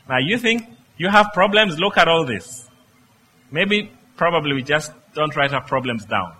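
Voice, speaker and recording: A man's voice: fairly high pitch, animated, moderate pace, pushed and bright, slight background noise, rough recording. A man preaching a sermon, reading scripture aloud and explaining it with rhetorical questions.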